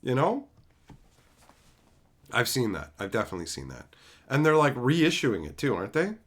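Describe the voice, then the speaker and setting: A fast-talking man of medium pitch streams live and chats about movies with his viewers, answering them casually. It's a rambling, profane, lively performance.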